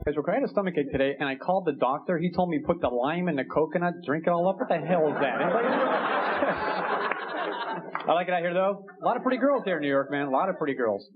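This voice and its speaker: Man, stand-up comedian, lively storytelling, muffled VHS sound with heavy hiss. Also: fairly high pitch, quick pace. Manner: animated, acts out a fight story with rising shouts. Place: comedy club stage. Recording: dull lo-fi VHS tape with loud hiss. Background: audience laughter and crowd noise.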